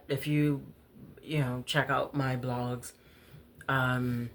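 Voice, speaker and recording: A low-pitched woman speaking slowly in a relaxed storytelling vlog. She is a writer who talks candidly and unhurriedly, with many fillers and the odd laugh. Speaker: poet and writer.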